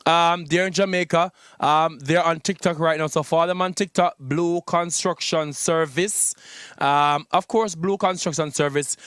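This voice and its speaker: Smooth-voiced playful radio host man. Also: fairly high pitch, fairly bright tone, no room sound, clean studio sound. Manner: playful, loose and rambling, with many restarts and laughs. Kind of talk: casual entertainment news chat.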